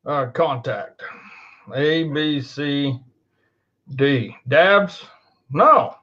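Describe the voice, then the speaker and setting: A man in his fifties hosts a casual call-in show, breaking into giggles every few words. His voice sits high and swoops widely, with a bright edge to it. The sound is dull and lo-fi. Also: expressive, drawn-out words. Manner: laughs constantly, giggly and loose. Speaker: host. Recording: dull lo-fi recording.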